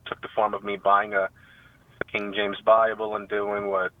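A man's voice: fairly low pitch, completely flat delivery, a little slow. A young man with a New York accent, calling into a radio show and rambling with many fillers and restarts. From Staten Island, New York. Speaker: caller. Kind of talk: casual phone call. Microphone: phone. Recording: dry tinny phone line.

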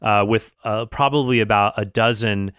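Guy talking over film clips, fills with uh a lot, corrects himself, smooth voice. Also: fairly low pitch, normal speed, fairly bright tone, no echo, studio quality. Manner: thoughtful, with fillers and self-corrections. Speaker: commentator reviewing a film. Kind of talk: casual video commentary.

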